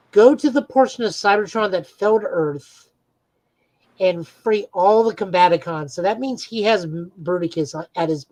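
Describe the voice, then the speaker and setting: A woman's voice: medium pitch, a little mellow, no echo, poor audio. A woman co-hosting a podcast, eagerly recapping comic book plots in a casual chat with frequent "uh"s. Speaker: podcast co-host.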